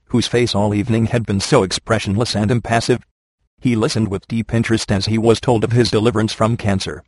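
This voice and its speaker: A man reads a first-person life story aloud in a steady, measured way. His voice sits low. The recording is dry and close, with no room sound. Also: no echo. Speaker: narrator. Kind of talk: reading a memoir aloud.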